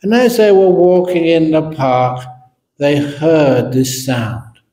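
A man's voice: on the high side, slow pace, mellow. A man, a Buddhist monk teacher, answering questions at an evening talk with humor and playful storytelling. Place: meditation centre hall. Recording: echoey hall.

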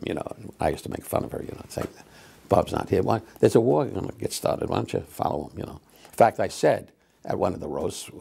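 A man in his eighties, a comedian telling old show-business stories in a rambling, halting way, full of fillers and wry asides. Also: low voice, darkish tone. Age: 80s. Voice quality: gravelly, husky. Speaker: comedian reminiscing. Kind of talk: casual anecdotal storytelling.

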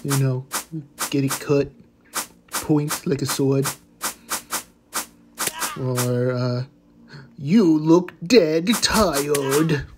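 A man voicing a cheerful, eager pitbull puppy, commenting on gameplay with excitable gasps and goofy puns. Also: mid-range voice, extremely slow, pauses often, noisy background. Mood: excited. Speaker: game commentator.

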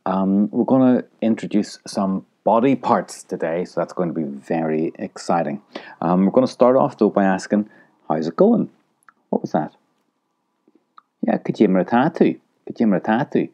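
A man's voice: deep voice, lively intonation, moderate pace, dark tone, muffled recording. A man teaching an audio language lesson, patiently repeating phrases for the listener to echo.

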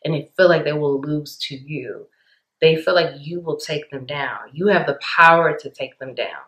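A woman's voice: deep voice, moderate pace, fairly bright tone, reverberant, poor audio. Intense rambling tarot reader woman. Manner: intense, rambling, emphatic with many restarts. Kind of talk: casual channeled tarot reading.

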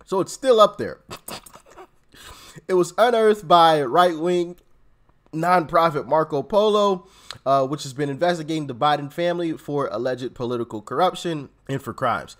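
Guy doing a commentary vid, reads the news out loud and laughs a lot, voice jumps all over. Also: on the high side, moderate pace. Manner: animated, laughs often, stumbles and repeats words; talks straight to viewers as "guys". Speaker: commentary channel host. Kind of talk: casual political commentary, reading news aloud.

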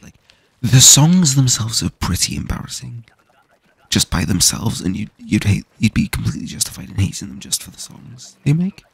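A young UK gaming streamer rants casually and swears as he plays, frequently restarting his sentences. His voice is lowish and slightly rough with vocal fry, and there's no echo.

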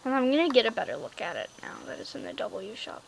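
A woman's voice: fairly high pitch, sing-song, fast talker, vocal fry, a little hiss or hum, low-quality recording. A teenage girl chatting casually while playing a pet game, rambling with lots of fillers and "like". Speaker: gaming vlogger. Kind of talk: casual screen-recorded game chat.

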